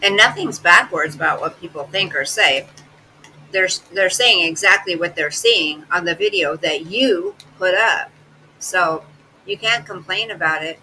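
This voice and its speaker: A reaction host talks back to clips with scorn and biting sarcasm. The voice is very bright and sharp, with a faint hiss underneath. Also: medium pitch, measured pace, rough recording. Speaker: commentary channel host. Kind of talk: mocking reaction commentary.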